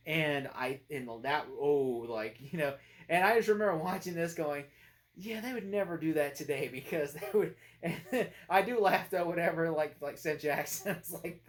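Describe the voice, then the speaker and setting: A man's voice: a little high, moderate pace. Rambling young man reviewing a movie. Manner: rambling, lots of fillers, quotes lines in muttered voices.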